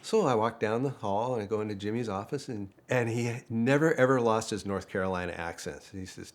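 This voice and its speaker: A man's voice: lowish voice, brisk, hardly any pauses. An older man, a former dealership manager, telling a casual story in a chatty way and acting out other people's lines. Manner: chatty, quotes others in lively voices, laughs often. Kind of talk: casual anecdote.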